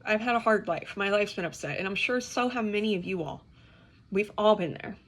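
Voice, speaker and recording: Exasperated young woman, vlog rant, mid pitch, profane, choppy restarts. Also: lively intonation, brisk. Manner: exasperated, swearing, talks in restarts. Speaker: reptile keeper. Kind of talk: ranting to camera.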